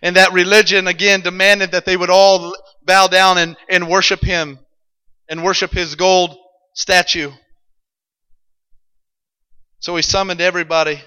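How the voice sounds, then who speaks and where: A man preaching a sermon, retelling a scripture story in an animated, dramatic way. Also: sits high, measured pace, long pauses, clear, resonant tone, in a large hall, rough recording. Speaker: pastor.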